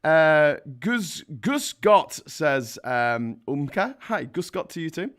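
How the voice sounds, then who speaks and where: A man's voice: a little high, sing-song, slow pace, a bit bright, clear, resonant tone. A man in his forties hosting a casual history live stream and reading out the chat. He talks in a chatty, jokey way and often restarts his sentences. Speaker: history show host.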